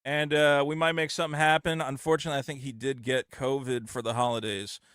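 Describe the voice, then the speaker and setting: A man hosting a call-in podcast, talking in a loud, profane, ranting way on a close studio mic. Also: mid-range voice, little pitch movement, fast talker, smooth, no echo. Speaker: podcast host. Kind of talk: casual call-in chat.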